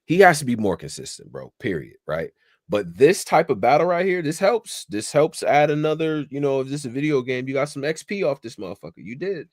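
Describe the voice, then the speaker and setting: A man's voice: mid-range voice, a little fast, no room sound. A man co-hosting a casual podcast, animatedly recapping a rap battle and quoting lines. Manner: animated, repeats phrases, quotes bars. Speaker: podcast co-host.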